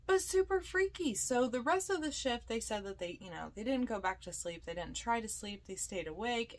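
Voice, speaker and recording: A young woman, a podcast host and paranormal investigator, telling a ghost story in a loose, chatty way with lots of fillers and acted-out quotes. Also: medium pitch. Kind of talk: casual storytelling.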